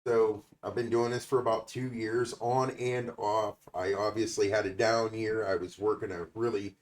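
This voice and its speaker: A man guesting on a podcast who answers questions in a hesitant way with many pauses. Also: lowish voice, flat delivery. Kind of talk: casual interview answers. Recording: distant, echoey mic.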